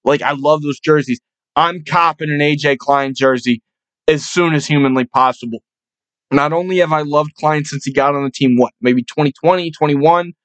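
A man in his twenties hosting a sports podcast, ranting as an excited fan and swearing constantly. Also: normal speed, no echo, rough recording. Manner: swears constantly, gets louder and higher when hyped. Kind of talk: profane, excitable fan rant.

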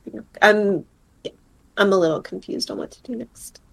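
A woman's voice: mid-range voice, normal speed, gravelly, low-quality recording. Tentative woman player thinking aloud. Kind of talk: tabletop game play.

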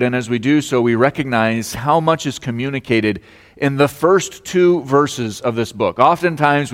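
A man preaching a sermon as pastor in a church, talking conversationally and sometimes acting out little scenes before dropping into a quiet prayer. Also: a little high. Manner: conversational preaching, acts out phone calls, drops softly into prayer. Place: church sanctuary. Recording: long reverb of a church hall.

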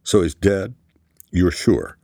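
A man voicing a gruff older male official on the phone in an audiobook, cursing and demanding. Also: low-pitched, slow, mellow, no room sound, studio quality, voice pushed up, heavily acted.

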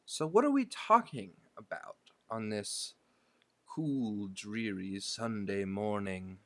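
Slow-talking playful podcast man. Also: lowish voice, animated, fairly bright tone, no echo. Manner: playful, drops into a spooky intro voice. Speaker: podcast co-host. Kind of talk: casual podcast chat.

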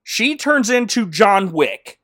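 Lively bright-voiced man recapping a movie. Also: high voice, slow, dry recording, clean studio sound. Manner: animated, jokey, slips into mocking character voices. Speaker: podcast co-host recapping a film. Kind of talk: casual comedic movie recap.

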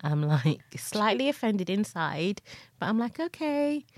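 A woman's voice: mid-range voice, animated, no room sound, studio quality. A young woman with a northern English accent, co-hosting a casual podcast chat about acting and laughing often. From northern England. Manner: chatty, laughs often, acts out quick voices in stories. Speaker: podcast co-host, actor.

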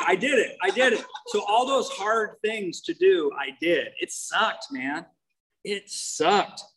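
A man's voice: a little high, background noise. A man from the United States with a Californian accent, giving a candid, wry personal talk as main speaker at a recovery meeting.

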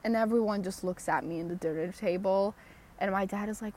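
A woman's voice: medium pitch, fairly quick, mellow, slight background noise. A woman hosting a personal podcast while walking outdoors, talking into a phone in a chatty, self-mocking, sarcastic ramble full of "like". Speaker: podcast host.

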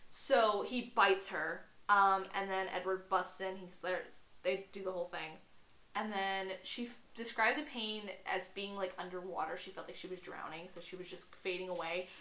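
A woman's voice: mid-range voice, fairly even intonation, normal speed, pushed and bright, echoey room, low-quality recording. A woman co-hosting a casual podcast chat, retelling a story with animation and reading passages aloud. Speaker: podcast co-host.

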